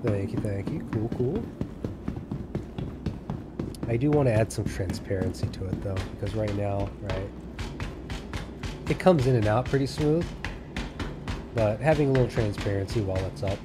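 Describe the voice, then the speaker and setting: A man streaming a video game, giving casual, chatty commentary in a relaxed way and laughing often. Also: on the low side, normal speed, pauses often, over loud music.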